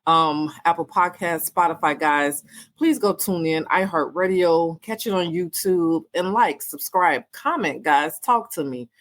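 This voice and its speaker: A woman. She talks casually and warmly, repeating her thanks and encouragement, with lots of "um"s. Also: on the low side, unhurried. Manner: warm, repetitive, faith-filled encouragement with many fillers. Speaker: podcast host. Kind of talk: casual podcast sign-off.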